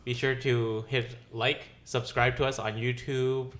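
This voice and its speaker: A man co-hosting a podcast who closes the episode in a casual way, pausing with "uh" between items. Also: medium pitch, little pitch movement, fairly bright tone. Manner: short agreeing replies, hesitant "uh" sign-off. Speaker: podcast co-host. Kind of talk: casual chat.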